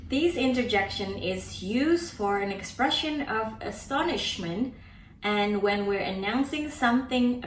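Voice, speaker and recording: A woman giving a scripted language lesson, repeating words slowly and carefully one at a time. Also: a little high, a little hiss or hum. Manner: slow, careful word-by-word repetition. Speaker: language teacher. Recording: echoey room, distant from mic.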